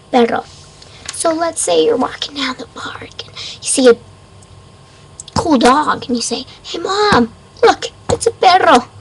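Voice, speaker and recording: A woman of Mexican background giving a casual webcam vocabulary lesson at her desk, unsure of herself and repeating words slowly. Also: a little high, slight background noise, low-quality recording. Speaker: amateur language teacher. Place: home room at a desk.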